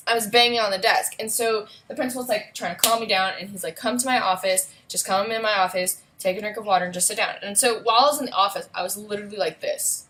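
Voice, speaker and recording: A woman's voice: medium pitch, brisk, pushed and bright, low-quality recording. A woman vlogger with a young son, telling a personal story in a casual, rambling way with many fillers and asides. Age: adult with a young son.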